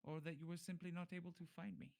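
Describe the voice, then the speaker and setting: A man's voice: a little high, little pitch movement, fast, creaky, darkish tone, voice pushed up. A man playing a stiff, formal fugitive stranger. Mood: urgent. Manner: stiff, formal speech without contractions.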